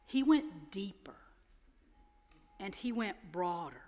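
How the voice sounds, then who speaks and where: A woman pastor preaching a sermon in a measured way, lifting her voice to stress quoted words. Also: a little high, animated, fairly bright tone. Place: large church sanctuary. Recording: long church reverb.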